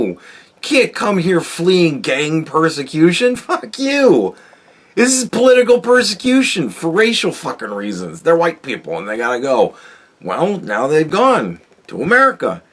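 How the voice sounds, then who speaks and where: A man's voice: sits high, big pitch swings, a little slow, a bit bright, slightly rough. A young man hosting a podcast, ranting bluntly about politics with heavy swearing and laughing at his own jokes. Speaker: podcast host. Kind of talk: profane political rant.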